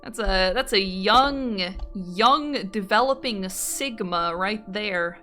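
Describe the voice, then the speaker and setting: A woman streamer hosts a show reading viewer confessions aloud, reacting with animation, often bursting into laughter and swearing freely. She speaks slowly at a medium pitch, with faint music playing behind her.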